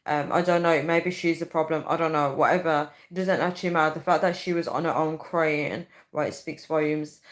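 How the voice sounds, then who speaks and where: A woman's voice: sits low, low-quality recording. A woman in her thirties hosting a casual livestream, rambling chattily and often calling her viewers "guys.". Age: 30s. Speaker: livestream host.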